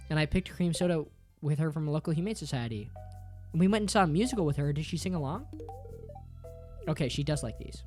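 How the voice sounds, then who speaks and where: A man's voice: fairly high pitch, darkish tone. A man streaming a game, reading chat aloud and answering with crude, playful jokes. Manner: crude, profane, joking, reads chat aloud; mock-dramatic, playful teasing. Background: faint game music.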